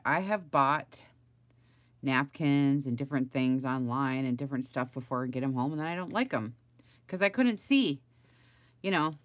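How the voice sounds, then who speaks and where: A woman's voice: a bass voice, no echo. A middle-aged woman chatting casually on a home crafting livestream, rambling and greeting viewers by name.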